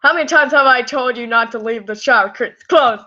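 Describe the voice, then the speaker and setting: Young man scolding his roommate, read plainly by a woman, high voice, muffled lo-fi sound. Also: brisk, bright, forceful tone. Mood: exasperated. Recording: muffled lo-fi audio.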